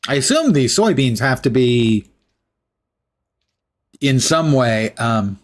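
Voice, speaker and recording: A man streams a video game with casual commentary, musing aloud, correcting himself and dropping dry, humorous asides. His mid-range voice has big pitch swings and a slow pace.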